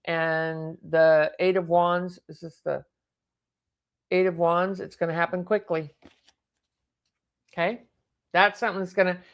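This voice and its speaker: A woman reading tarot cards aloud, thinking aloud and exclaiming as the cards turn up. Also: lowish voice. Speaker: tarot reader.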